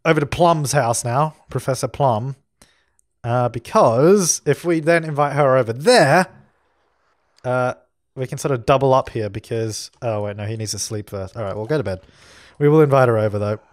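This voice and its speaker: A man talks his way through a life-sim game, chatting as he goes and telling his characters what to do. His voice sits at an ordinary middle pitch. The sound is dry and close, with no room around it. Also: normal speed, dry recording. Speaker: let's play host. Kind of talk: casual gameplay commentary.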